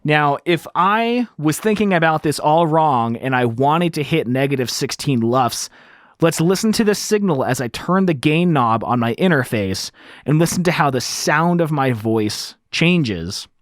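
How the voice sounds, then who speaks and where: A man hosting an audio tutorial, explaining step by step in a casual, animated way while demonstrating on a studio microphone. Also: fairly high pitch, measured pace, no echo. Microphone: studio microphone through an audio interface.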